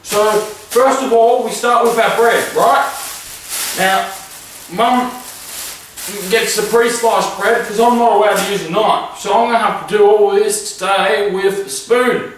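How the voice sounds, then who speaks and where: A man doing a slow, earnest man-child cook. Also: sits high, steady tone, fairly bright tone, a little hiss or hum. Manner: slow, earnest, demonstrative kitchen-show explaining. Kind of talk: parody cooking segment. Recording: very echoey room, far from mic.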